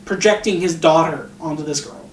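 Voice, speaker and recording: High-voiced man recapping a movie, echoey. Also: fairly quick. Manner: animated retelling, acts out characters' lines, swears freely. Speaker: podcast co-host. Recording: distant echoey mic with faint noise.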